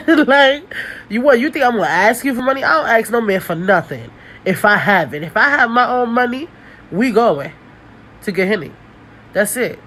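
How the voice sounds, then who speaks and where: A woman's voice: fairly high pitch, expressive, moderate pace, a bit bright, poor audio. A young woman telling a story about her dating life in a casual vlog. She talks bluntly and animatedly, swears, and laughs often. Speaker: storytime vlogger.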